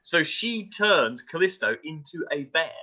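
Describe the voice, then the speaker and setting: Over crowd noise and dull lo-fi audio, a very animated podcast co-host with a higher-leaning voice keeps a measured pace while chatting casually about astronomy. He recounts myths with irreverent humor.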